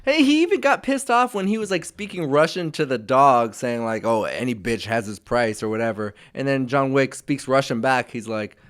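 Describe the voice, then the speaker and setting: A man's voice: mid-range voice, lively intonation, moderate pace, few pauses, fairly bright tone, clear, resonant tone. A man co-hosting a casual movie review, laid-back and swearing, acting out characters' lines. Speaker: podcast co-host.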